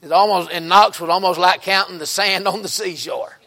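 A man with a Southern US accent preaching a fervent revival sermon in a church, breaking into sudden shouts and exclamations. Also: high-pitched, fairly even intonation, fairly quick. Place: church sanctuary.

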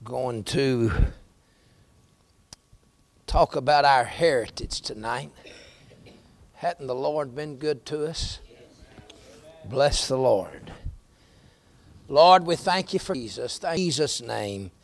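A man's voice: mid-range voice, expressive, takes it slowly, long pauses. A middle-aged man with a Southern American accent, preaching a sermon in a folksy storytelling way. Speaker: pastor.

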